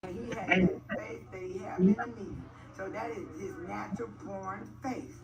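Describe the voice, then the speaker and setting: A woman's voice: medium pitch, fairly even intonation, moderate pace, gravelly, roomy sound, distant mic, a loud crowd, rough recording. A woman livestreaming casually, chatting to viewers, repeating herself and laughing. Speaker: livestream host. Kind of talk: casual live chat with viewers.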